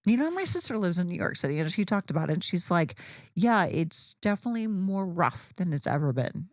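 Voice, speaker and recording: Woman, podcast co-host, low voice, dry close sound, blunt, swears freely, casual storytelling. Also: sing-song, fairly quick, dry recording. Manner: blunt, profane, fired-up storyteller.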